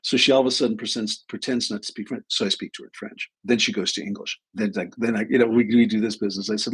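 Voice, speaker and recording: A middle-aged man with a husky, slightly low voice hosts a live advice stream. He tells stories from his clinical practice in a conversational way, breaking off for lively asides. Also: fast talker, hardly any pauses. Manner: storytelling, animated asides. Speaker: host, clinician.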